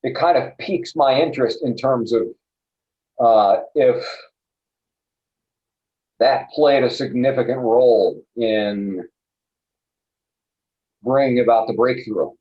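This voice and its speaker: A man hosts an interview, speaking very slowly and hesitantly, with many fillers as he shapes a question. His voice is mid-pitched, and the sound is roomy and dull, like lo-fi audio in an echoing room. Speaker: interviewer, host. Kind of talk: conversational interview.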